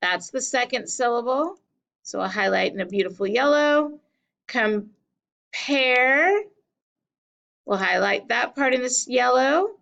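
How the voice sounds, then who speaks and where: Woman teacher, slightly high voice with a gravelly edge, unhurried lesson delivery. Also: a bit bright, rough recording. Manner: slow, deliberate, stretches key words. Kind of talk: classroom lesson at a whiteboard.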